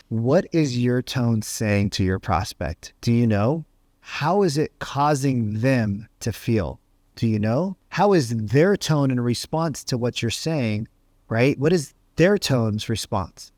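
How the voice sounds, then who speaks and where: A man's voice: medium pitch, lively intonation, slow pace, a little mellow, dry recording, clean studio sound. Emphatic male sales coach. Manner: emphatic, asks rhetorical questions, says "right?" often. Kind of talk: motivational talk.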